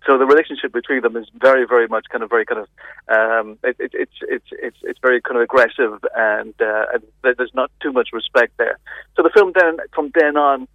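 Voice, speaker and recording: A man giving a chatty, animated film review on the radio, with many restarts, over a phone line. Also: medium pitch, a little fast, no room sound.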